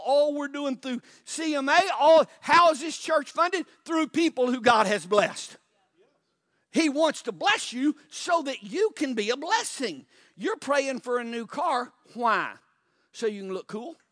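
A man preaching in a fairly high voice, firing pointed questions at his listeners and then pausing to let them sink in. The sound is dry and close, with no room echo. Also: fairly bright tone. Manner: pauses for emphasis. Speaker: pastor. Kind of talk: sermon.

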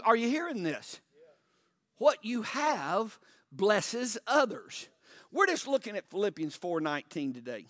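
A man preaching a sermon as pastor, asking the congregation pointed questions and pausing for emphasis. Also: high voice, fairly bright tone, dry recording, clean studio sound. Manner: pauses for emphasis.

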